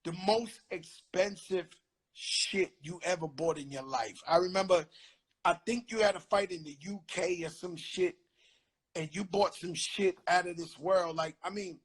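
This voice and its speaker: A middle-aged man hosting an interview, telling animated stories full of street slang. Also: high-pitched, breathy edge. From the Bronx, New York. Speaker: host. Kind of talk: casual interview chat.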